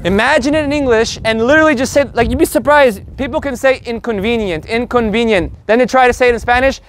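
A man teaching an energetic, joking online Spanish lesson, stretching words out slowly as he sounds them. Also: very high voice, a little hiss or hum. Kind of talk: lively online language lesson.

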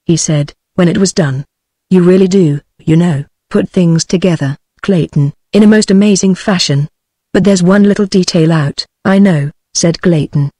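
A text-to-speech woman's voice with a British English accent, reading a story aloud as an audiobook narrator in an even, measured way. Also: lowish voice, dry recording. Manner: even, measured synthetic delivery.

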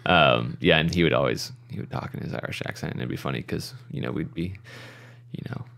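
A man's voice: very deep voice, fairly quick, gravelly, a bit bright. A young man co-hosting a podcast, laid-back in casual chat, often with short replies. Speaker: podcast co-host.

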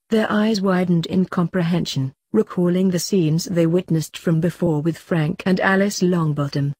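A woman's voice: lowish voice, measured pace, hardly any pauses, dark tone, husky, dry recording, studio quality. A woman reading fanfiction aloud, narrating steadily and lightly voicing the dialogue. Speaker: fanfiction reader.

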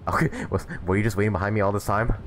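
A man's voice: on the low side, steady tone, very fast, fairly bright tone, slight background noise. A man streaming a game live, chatting casually with viewers while sick with the flu and sniffling. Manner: laid-back, chatty, laughs often. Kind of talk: casual live gameplay chat.

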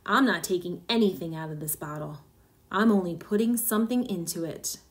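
A woman reading the part of a ruthless, vindictive businessman husband, speaking gruffly and smugly. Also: on the low side, brisk, natural voice. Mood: cold, smug. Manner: gruff, smug, harsh.

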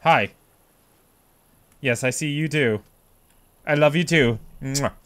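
A man doing let's play commentary, loud and profane, yelping and laughing as he plays. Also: mid-range voice, slow pace. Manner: loud, profane, yelps and laughs while playing. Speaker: gaming YouTuber. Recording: faint background noise.

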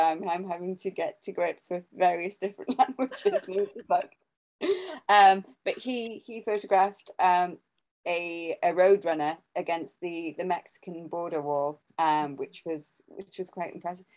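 A woman's voice: fairly low pitch, steady tone, moderate pace, darkish tone, rough recording. An English woman co-hosting an art podcast, chatting casually, rambling with many restarts and small laughs. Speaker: podcast co-host and artist. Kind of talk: casual chat.

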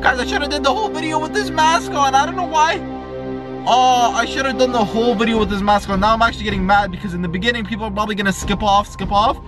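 A young man vlogs in a hyped, slangy voice that sits fairly high for a man. He repeats himself and keeps things casual. Faint music plays in the background. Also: fast talker. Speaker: vlogger. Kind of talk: excited casual vlog.

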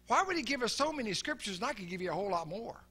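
High-pitched older man preaching earnestly. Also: big pitch swings, very fast, pushed and bright, husky. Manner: earnest, repeats words, drops to a low murmur for quoted prayers. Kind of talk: sermon.

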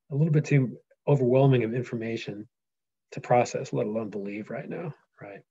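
Husky-voiced man reading aloud to a class. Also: medium pitch, quick pace, mellow, dull audio. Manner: reads dramatically, then explains casually with frequent "right?". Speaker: teacher.

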